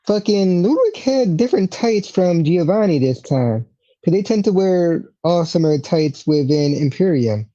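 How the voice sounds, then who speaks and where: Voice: medium pitch, lively intonation, unhurried, dark tone. A podcast co-host chatting casually about wrestling, stammering and laughing a lot. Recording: dull, muffled mic.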